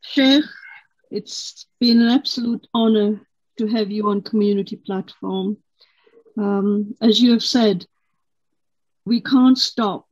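A woman hosting an interview, speaking softly and supportively with plenty of "um"s. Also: mid-range voice, no room sound. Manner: soft, supportive listener. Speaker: host. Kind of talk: interview host. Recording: dry, dull lo-fi.

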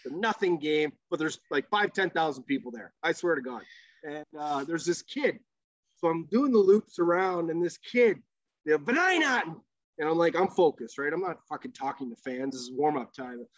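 A man's voice: on the high side, moderate pace, no room sound, lo-fi sound. A man, a former pro hockey player, telling swearing, laughing stories as a podcast guest. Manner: animated, profane, laughs while telling stories. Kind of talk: casual storytelling.

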